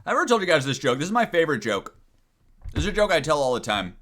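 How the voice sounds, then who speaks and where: Man, streamer, animated storyteller, bright lively voice. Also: fairly high pitch, fast talker. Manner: animated storyteller, laughs often. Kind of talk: casual chat and joke telling.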